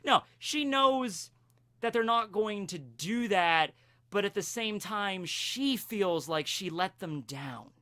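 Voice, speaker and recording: An excitable man talks through an anime episode with lively storytelling and the occasional curse. His voice sits high and bright, with a bright, cutting edge. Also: takes it slowly. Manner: excitable, animated storytelling with swearing. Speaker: anime commentary youtuber. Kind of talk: casual commentary.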